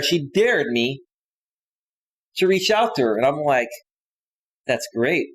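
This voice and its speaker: A middle-aged man coaching on dating in a live stream monologue, telling a story with lively delivery and reading messages aloud. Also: on the high side, a little slow, pauses often, poor audio. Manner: animated storytelling, reads messages aloud in a raised voice.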